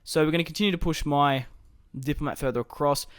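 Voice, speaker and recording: A man's voice: a little high, quick pace, dry recording, studio quality. A man casually commenting on his strategy game as he plays, thinking aloud about his moves. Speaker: gaming YouTuber.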